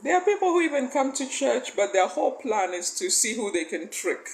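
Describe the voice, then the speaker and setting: A woman's voice: fairly high pitch, very animated, a little fast, rough recording. A woman life coach giving a faith-based motivational talk. She speaks emphatically, asks the listener questions and often breaks into laughter.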